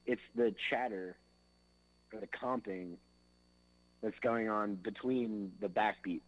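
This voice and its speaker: A man with a slightly low voice talks casually as a drummer in an interview. He rambles and leans on fillers. Now and then he sings grooves with his mouth to show how they go. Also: takes it slowly, low-quality recording. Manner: loose and rambling, fills with "like" and "you know".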